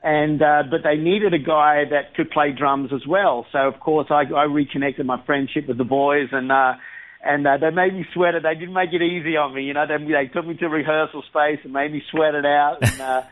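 A man's voice: a little high, steady tone, moderate pace. An Australian man talking as a band drummer in a casual interview, rambling and chatty, laughing easily. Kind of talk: casual interview over the phone. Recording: tinny phone line.

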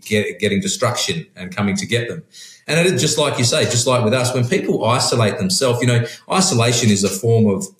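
Pastor, low voice, roomy sound. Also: male voice. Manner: relaxed, rambling, frequent restarts. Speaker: pastor and sheep farmer. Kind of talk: casual conversation. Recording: roomy echo.

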